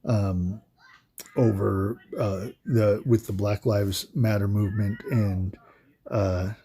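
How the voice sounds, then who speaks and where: A man commentating on a card game in a halting, soft-spoken way, with many pauses and fillers. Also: on the low side, steady tone, a little hiss or hum. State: emotional, voice breaking. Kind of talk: casual gameplay commentary.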